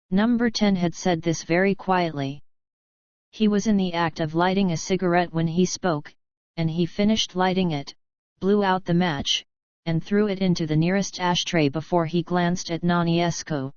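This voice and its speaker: A woman narrating an audiobook in an even, measured reading. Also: lowish voice, clean tone, dry recording. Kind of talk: scripted narration. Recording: dry, dull lo-fi recording.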